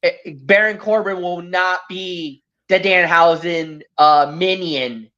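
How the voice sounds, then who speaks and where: A man hosting a casual wrestling recap chat, easygoing and agreeable, with halting fillers. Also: high-pitched, fairly even intonation, sharp tone, dull audio. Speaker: podcast host.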